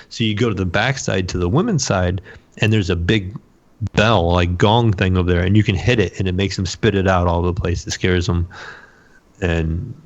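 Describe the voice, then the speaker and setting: A man's voice: deep voice, dull audio. A man co-hosting a podcast in casual chat, rambling and repeating his words with lots of fillers. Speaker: podcast co-host. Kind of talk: casual chat about video games.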